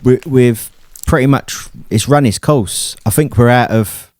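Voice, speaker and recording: Wry podcast co-host. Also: male voice, mid-range voice, unhurried, darkish tone. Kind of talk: casual banter.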